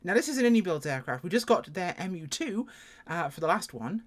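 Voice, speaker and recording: A speaker with an English accent doing a casual first-look review of a flight sim plane, chatty and self-deprecating, with sudden jumps in pitch. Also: sing-song, brisk. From England.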